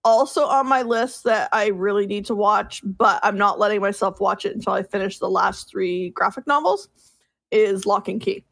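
A woman co-hosting a casual gaming podcast, telling animated stories, laughing often and swearing casually. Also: mid-range voice, normal speed, creaky, no echo, clean studio sound. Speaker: podcast co-host.

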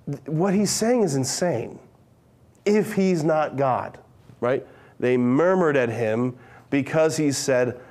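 A man preaching a conversational sermon. He reads scripture slowly and dramatically, then breaks into casual asides and quick questions to the listeners. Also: medium pitch, a little mellow.

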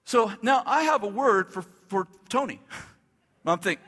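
A male pastor telling a story in a sermon, animated, acting out the dialogue and laughing as he goes. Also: sits high, unhurried, big-room sound.

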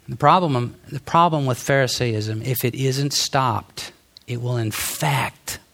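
A man's voice: medium pitch, fairly bright tone. A middle-aged man preaching a sermon in an earnest, conversational way, with some fillers and restarts. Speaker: pastor.

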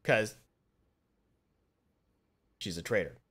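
A man's voice: fairly low pitch, extremely slow, a bit bright, breathy edge. A man hosting a casual chat, retelling a comic plot and acting out the quotes as he goes. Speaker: podcast host.

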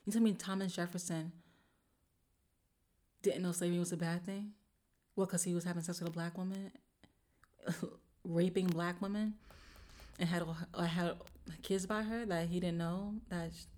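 A woman hosting her own podcast, talking in a casual, slangy, animated way and swearing freely as she rants with exasperation. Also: on the low side, moderate pace, long pauses. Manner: slangy informal speech. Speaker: podcast host. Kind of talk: casual solo podcast rant.

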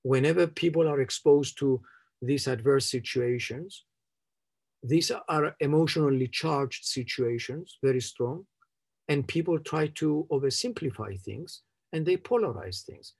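Husky, gravelly man thinking aloud. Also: fairly high pitch. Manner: hesitant, searching for words with many restarts and short laughs. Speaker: interviewee speaking on trauma. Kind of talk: unscripted interview answer.

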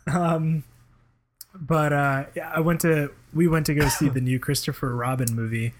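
A man's voice: fairly high pitch, steady tone, normal speed, noisy background. A man co-hosting a podcast, telling laid-back anecdotes in a casual comedic chat. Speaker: podcast co-host.

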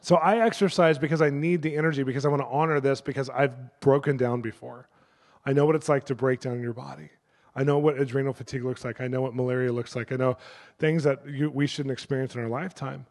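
A middle-aged male pastor preaching a sermon through lively personal stories, acting out the people in them. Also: medium pitch, fast talker, big-room sound. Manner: animated, acts out the people in his stories. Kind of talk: sermon storytelling.

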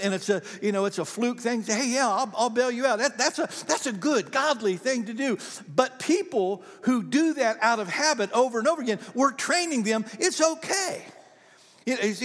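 An older man preaching a sermon in a conversational, animated storytelling way. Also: extremely high pitch, in a large hall. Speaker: pastor.

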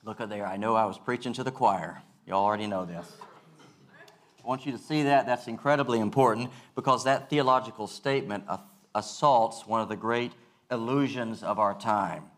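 A male pastor giving a sermon, earnest and measured, repeating key phrases for weight. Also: fairly low pitch, fairly bright tone.

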